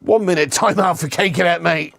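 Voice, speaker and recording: A man's voice: a little high, fairly quick, vocal fry, a bit bright, no room sound. A man hosting a live football watch-along, chatting with viewers, swearing and laughing as he reads their messages. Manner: banters with chat, swears, laughs often. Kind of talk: casual live-stream chat.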